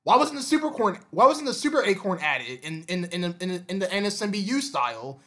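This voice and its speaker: A man's voice: sits high, big pitch swings, a little fast, a bit bright. A man giving an unscripted gaming commentary, stammering and repeating words as he fires off exasperated rhetorical questions. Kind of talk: unscripted opinion monologue.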